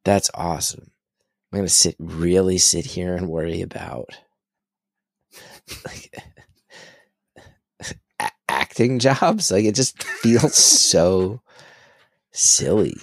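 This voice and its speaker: A man in his thirties chatting casually, animated and excitable, swearing freely as he tells stories. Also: sits low, slow pace, vocal fry, long pauses, no echo, clean studio sound. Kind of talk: casual conversation.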